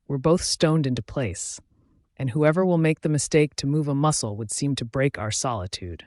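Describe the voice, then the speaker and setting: A man narrates a romance novel in steady, scripted first-person prose. His voice sits at an ordinary middle pitch. The recording is close and dry, with no room around it. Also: moderate pace, no room sound. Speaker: audiobook narrator.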